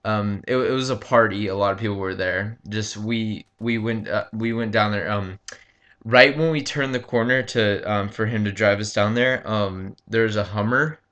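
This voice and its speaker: Guy, slightly low voice, halting casual storyteller who says um constantly and swears loosely. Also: fairly bright tone, muffled recording. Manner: rambling, halting, full of ums and likes. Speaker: gaming commentator. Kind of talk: casual storytelling over gameplay.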